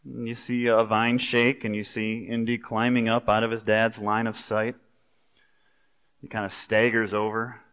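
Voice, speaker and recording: A man's voice: lowish voice, a little slow, pauses often, clear, resonant tone, long reverb tail. A man preaching a sermon in a conversational, storytelling way, with everyday asides. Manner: conversational, animated storytelling with pop culture asides.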